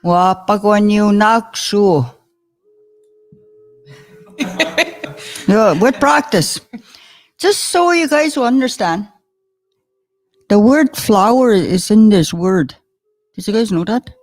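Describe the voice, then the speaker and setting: In her unhurried language lesson, a woman pronounces every new word carefully, chatting and chuckling as she goes. Her voice sits on the high side, animated and a little mellow.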